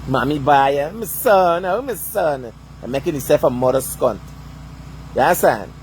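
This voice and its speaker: A man's voice: a little high, expressive, moderate pace, darkish tone, slight background noise. A man delivering a heated, profane rant, swearing constantly and asking "you understand?" over and over. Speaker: vlogger.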